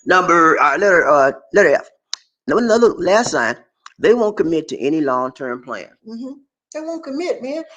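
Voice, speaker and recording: Animated man giving relationship advice. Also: a little high, moderate pace, echoey room, rough recording. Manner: animated, repetitive, talks straight to the viewer. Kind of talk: casual advice monologue.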